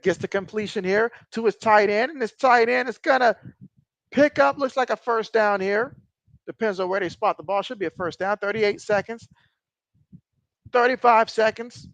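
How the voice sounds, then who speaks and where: A man hosting a livestream and giving excitable play-by-play commentary as he watches a football game, reading viewer comments aloud between plays. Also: dry recording. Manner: excitable, gets louder and higher during plays; reads viewer chat aloud. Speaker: livestream host.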